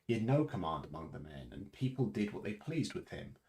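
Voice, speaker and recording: A man's voice: very animated, fairly quick. A man reading a novel aloud for a charity stream, with occasional stumbles and restarts, lifting his voice for quoted dialogue. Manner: unpolished reading with restarts and self-corrections; varies pitch and loudness for dialogue. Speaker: reader.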